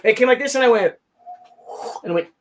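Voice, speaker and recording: A man hosting a chat show, telling a long story in a casual, excitable way and acting out the people in it. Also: very high voice, fast, slight background noise. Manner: animated, acts out the people in his stories; slangy and excitable. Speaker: show host.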